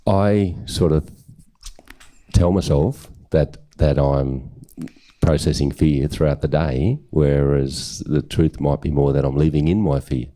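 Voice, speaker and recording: A man asking a teacher questions in a hesitant, halting way. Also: a bass voice, warm tone.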